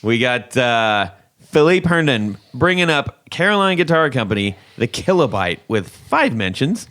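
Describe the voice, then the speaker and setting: A man hosting a casual podcast chat, animated and quick to laugh, often trailing off mid-sentence. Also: mid-range voice. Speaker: podcast host.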